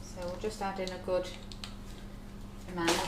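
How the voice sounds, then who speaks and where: A woman's voice: fairly low pitch, flat delivery, a little slow, heavy background noise. Woman baking live, chatty step by step, echoey kitchen with pans clanking. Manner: chatty step-by-step explaining while working. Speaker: baker demonstrating recipes. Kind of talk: live cooking demonstration. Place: shop's demo kitchen. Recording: echoey kitchen with clattering dishes.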